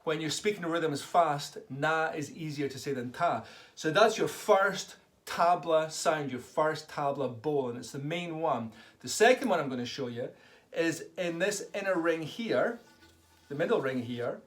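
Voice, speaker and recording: A man's voice: on the high side, lively intonation, unhurried. Enthusiastic man teaching tabla. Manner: enthusiastic, calls out drum syllables for children to repeat. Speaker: tabla tutor. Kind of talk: online music lesson for children.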